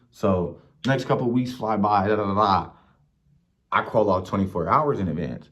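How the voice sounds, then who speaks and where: A young man from Ohio with a very low voice tells stories in a loose, profane vlog rant. He gets animated and acts out the people he quotes. The recording sounds dull and lo-fi. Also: normal speed. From Mansfield, Ohio. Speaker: vlogger. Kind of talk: casual storytelling rant.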